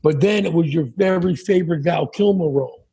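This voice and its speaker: Raspy, gravelly man asking questions. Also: fairly high pitch, warm tone. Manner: halting, repeats his words. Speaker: guest interviewer. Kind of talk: casual chat.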